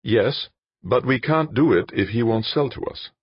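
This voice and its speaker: A man reading the part of a polite, sly businessman who speaks in a measured, placating way. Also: mid-range voice, breathy edge, no room sound, muffled recording, pitched above the performer's own voice, lightly acted. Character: smooth, sly male businessman, polite and calculating.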